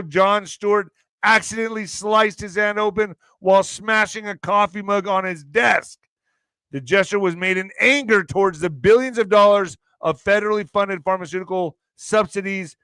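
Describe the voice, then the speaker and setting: Brief: man, show host, bright and crisp, dry close sound, joking, profane, emphatic. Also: high voice, no room sound. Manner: joking and profane, laughs often; loud bursts of emphasis. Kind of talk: casual news commentary.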